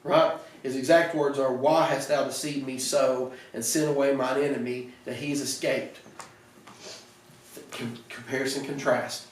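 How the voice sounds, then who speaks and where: Animated preacher in an echoey church. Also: male voice, medium pitch, unhurried, distant mic. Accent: Southern American. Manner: animated, retells scripture with voices, frequent restarts. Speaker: pastor. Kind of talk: conversational sermon. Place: church sanctuary.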